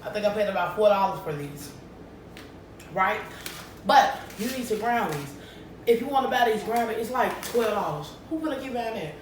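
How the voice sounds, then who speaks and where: A woman vlogging casually to camera in a lively way, often checking in with her viewers. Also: mid-range voice, normal speed. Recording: echoey room, distant mic, faint noise.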